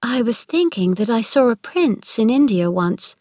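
A woman's voice: on the high side, very animated, normal speed, darkish tone, no echo, clean studio sound. A woman reading aloud, voicing an earnest, curious young girl. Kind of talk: read-aloud storybook dialogue.

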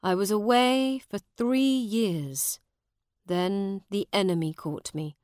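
A woman voicing a kind adult soldier who speaks gently and plainly. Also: mid-range voice, slow pace, no echo, clean studio sound, natural voice. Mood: gentle.

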